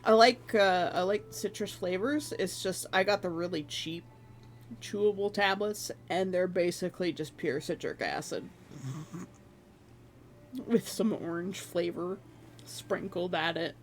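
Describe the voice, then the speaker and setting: Streamer, mid-range pitch; loose, joking, offhand chat with the odd swear. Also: a little slow, a little hiss or hum. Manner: rambling, joking, swears casually. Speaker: livestreamer. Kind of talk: casual chat with viewers.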